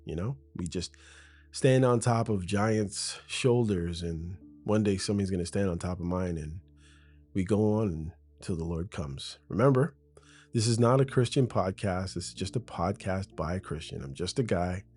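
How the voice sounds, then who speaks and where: Husky low-voiced man riffing on a podcast. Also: normal speed, a little mellow, soft background music. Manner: riffing, talks off script like to a best friend. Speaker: podcast host. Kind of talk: casual rambling monologue. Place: home room in front of a window. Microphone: studio mic with a foam shield.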